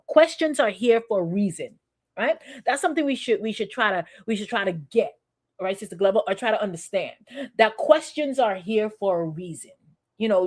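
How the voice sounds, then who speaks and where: A woman's voice: medium pitch, a little mellow. A woman pastor giving a conversational sermon, piling up rhetorical questions and calling out to members of the congregation.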